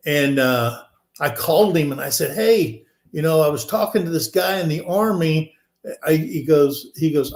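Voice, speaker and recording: A man in his sixties co-hosts a podcast, telling a rambling, casual story full of fillers and restarts at a moderate pace. His slightly high voice turns animated as he acts out the people in it with a raised voice, and the room is echoey.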